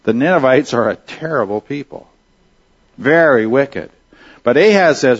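A man teaching a Bible lesson, walking his class through passages point by point. He keeps pausing to check in with his listeners. His voice sits at an ordinary pitch, and the recording sounds muffled and lo-fi. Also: expressive, breathy edge. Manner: explanatory, checks in with "all right?".

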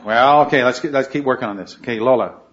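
A man's voice: mid-range voice, fast talker, a bit bright. A man leading a Bible study class, asking questions and repeating the students' answers. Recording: slightly dull recording.

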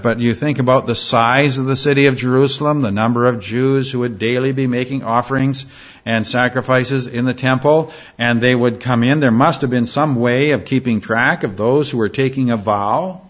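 A man's voice: mid-range voice, a bit bright. Man teaching scripture with "all right?" asides. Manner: conversational, frequent "all right?" check-ins and filler pauses. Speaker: Bible study teacher. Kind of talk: verse-by-verse Bible teaching. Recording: slightly dull lo-fi recording.

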